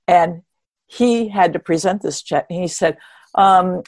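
Older woman guest with a lowish voice, recorded dry and close, telling stories with wry humor. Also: a little slow, no echo. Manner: animated, expressive storyteller with a wry humor. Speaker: interview guest, pioneering marathon runner. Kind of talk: conversational storytelling.

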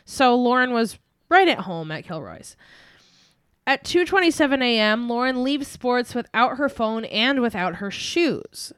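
A woman's voice: a little high, animated, measured pace, a bit bright, clear, resonant tone, no echo, clean studio sound. A young woman co-hosting a casual true-crime podcast, telling the case and drifting into chatty asides. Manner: chatty, recounts case facts then breaks into asides and giggles.

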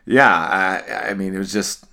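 A man hosting a casual sports podcast, speaking in a relaxed way with frequent restarts and repeated words. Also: deep voice, unhurried. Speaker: podcast host.

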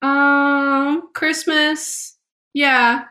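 A woman's voice: sits high, flat delivery, drawn-out words, bright, forceful tone, roomy sound. A woman from Maine with a Maine accent, a giggly, chatty guest in a casual interview. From Maine, USA.

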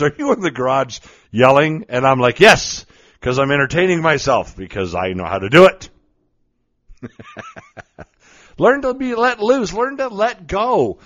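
A middle-aged man's slightly high, somewhat bright voice comes through a dull lo-fi recording as he riffs casually on how to be goofy. It's a playful monologue full of jokes and frequent laughter.

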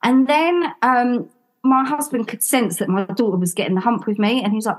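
A woman, telling her story as a podcast guest in a lively, expressive way and acting out what people said. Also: brisk. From London. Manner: animated, acts out quotes with big pitch jumps. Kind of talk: casual interview storytelling.

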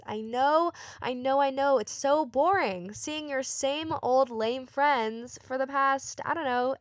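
A woman's voice: high voice, no room sound, studio quality. A teenage girl hosting a youth radio show, chatting in an upbeat, casual way with offhand asides as she gives a public service announcement. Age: teens.

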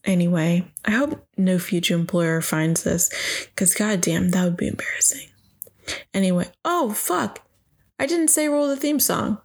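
A woman's voice: medium pitch, expressive, measured pace, darkish tone. A young woman hosting her own podcast, rambling tipsily with a self-mocking, profane manner. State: drunk. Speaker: podcast host. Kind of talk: casual solo podcast chat. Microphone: podcast microphone.

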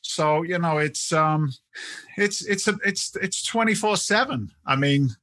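A middle-aged man from England speaks with a London accent blended with American. His tone is bright and forceful, and he repeats words and restarts sentences as he talks. The sound is dry and close. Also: on the high side, expressive, unhurried, dry recording. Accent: London English mixed with American. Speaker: real estate investment CEO, guest. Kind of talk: casual podcast interview.

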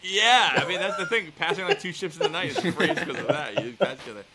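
A man's voice: fairly high pitch, sing-song, fast talker, a loud crowd. A man hosting a podcast, joking in casual comedy chat and swearing freely. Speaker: podcast host.

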